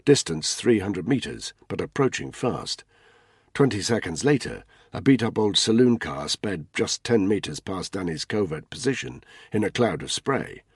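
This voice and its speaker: Deep husky male thriller narrator. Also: very animated, no room sound, clean studio sound. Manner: measured, tense storytelling. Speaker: audiobook narrator. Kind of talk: scripted narration of a thriller audiobook.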